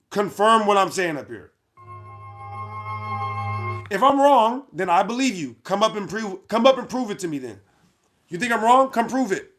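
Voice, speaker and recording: Brash, high-voiced male livestream host. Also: sing-song, moderate pace, long pauses, fairly bright tone, faint music behind. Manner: brash, mocking, laughs at own jokes. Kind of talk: casual livestream chat.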